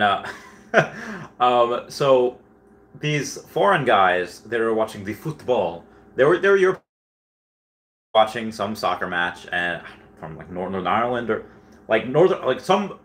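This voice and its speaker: This livestream host is a young man with a medium-pitched, slightly bright voice that swings widely in pitch. He speaks at a normal speed with long pauses while reading viewer comments and spinning rambling, self-deprecating, filler-heavy stories.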